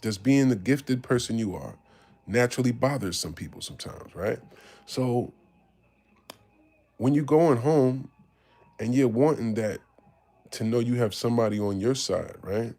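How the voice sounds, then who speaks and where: A man's voice: mid-range voice, unhurried, pauses often, dark tone. A man, telling his life story in casual talk, candid and profane, acting out the voices of people he quotes. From Harlem, New York. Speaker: podcast host.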